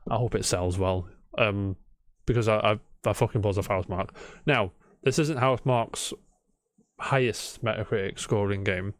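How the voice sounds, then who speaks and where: A man's voice: fairly low pitch, moderate pace, no room sound. Joking male podcast host, dry sound. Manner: joking, teasing, swears casually. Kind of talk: casual chat.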